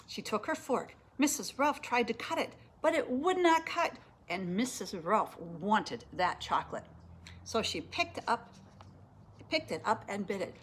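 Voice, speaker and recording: Lively woman reading a picture book aloud. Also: medium pitch, measured pace, slightly rough. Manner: lively, asks listeners to join in. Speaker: storyteller.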